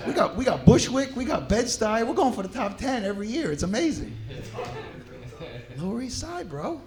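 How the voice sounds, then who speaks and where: Brash New comic working the crowd. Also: male voice, high voice, moderate pace, long pauses, background noise. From New York. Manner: brash, profane, animated banter with audience. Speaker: stand-up comedian. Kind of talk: crowd work stand-up. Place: comedy club stage. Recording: crowd laughter in club.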